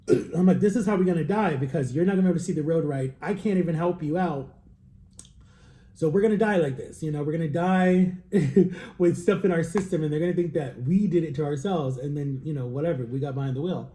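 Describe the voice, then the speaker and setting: A young man casually telling a story while tasting wine, animated, acting out quotes with jumps in pitch. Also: fairly quick, roomy sound. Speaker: vlogger.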